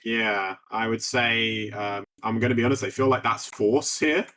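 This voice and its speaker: A man's voice: fairly low pitch, steady tone, normal speed, sharp tone. Rambling male game master. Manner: rambling, with many fillers and restarts. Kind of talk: narrating a tabletop game.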